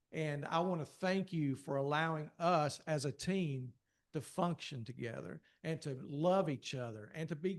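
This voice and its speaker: A man with a Southern accent, a church communications staffer, giving a folksy, heartfelt thank-you with many fillers. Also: a little high. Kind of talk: informal thank-you speech to a church class.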